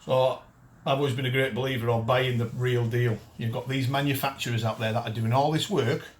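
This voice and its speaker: A man's voice: medium pitch, steady tone, fairly quick. A man, hosting a detecting show and ranting bluntly to camera. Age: 50s. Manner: blunt, ranting, frequent restarts. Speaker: detecting show host and dealer. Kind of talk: casual chat to camera.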